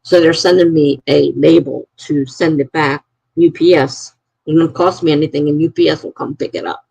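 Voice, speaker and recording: Gravelly, husky woman chatting. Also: sits low, moderate pace, no echo, poor audio. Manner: rambling, animated storytelling. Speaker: live-stream host. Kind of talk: casual chat with viewers.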